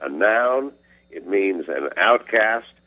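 A man's voice: lowish voice, expressive, slow. A man calling in to a radio show with a wry, teasing manner, heard over a tinny phone line. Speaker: word-of-the-day contributor. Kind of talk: casual on-air phone chat.

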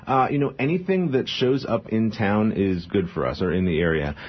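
A man who owns a brewery, guest in a radio interview, talking earnestly with many "uh"s. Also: fairly low pitch. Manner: fast, filler-heavy, earnest. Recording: dull lo-fi radio sound.

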